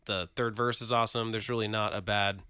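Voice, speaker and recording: A man's voice: on the low side, fairly even intonation, a little fast, pushed and bright, clear, resonant tone, dry recording, clean studio sound. A man co-hosting a casual music chat, enthusiastic and rambling with lots of fillers. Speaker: podcast co-host.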